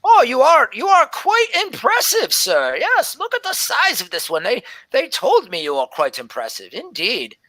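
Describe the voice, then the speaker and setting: A man's voice: very high-pitched, wildly swooping pitch, moderate pace, few pauses, bright, forceful tone, no room sound, voice pushed up, heavily acted. A man voicing an ancient, nimble elven woman scribe who stammers and calls people dearie. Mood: doting.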